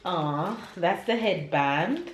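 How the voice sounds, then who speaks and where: A woman's voice: lowish voice, lively intonation, slow. A woman vlogging casually as she unboxes gifts, gushing and emotional. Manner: gushing, emotional, near tears. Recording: echoey room with faint noise.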